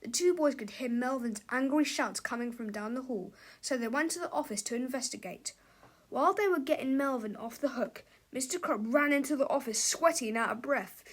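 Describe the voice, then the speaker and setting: A woman with a slightly high voice reads a children's chapter book aloud. She narrates in a playful way and talks straight to the listener. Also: brisk. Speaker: storybook reader.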